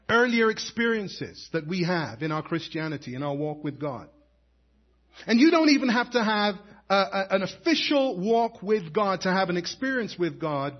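A man's voice: sits high, lo-fi sound. A man preaching a sermon as pastor, building emphasis and calling to the congregation for an amen.

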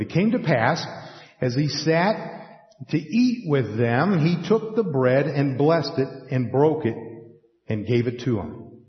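A man preaching a sermon in an animated way, acting out scripture scenes with folksy asides. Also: mid-range voice, measured pace. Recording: echoey hall, dull lo-fi sound.

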